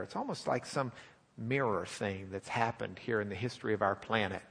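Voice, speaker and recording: A man preaching a sermon in a folksy, animated, joking way in a church sanctuary. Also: mid-range voice, creaky, husky, in a large hall.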